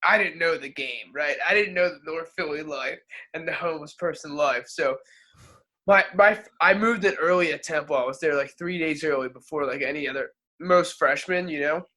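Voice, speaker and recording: A young man with a high, bright voice tells stories in loose, slangy podcast banter. He swears freely. He drops into quick character voices for the people he quotes. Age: young adult. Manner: animated, acts out quoted people in funny voices; laid-back slangy talk, profane. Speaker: podcast co-host. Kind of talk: casual storytelling chat.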